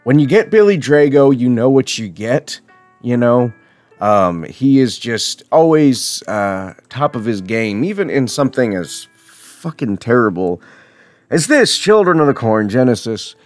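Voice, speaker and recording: Brief: an unhurried, swearing, laughing man reviewing films, close-miked. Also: medium pitch, very animated, dry recording, soft background music. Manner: profane, laughing often, rambling. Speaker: film reviewer. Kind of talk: casual horror movie review.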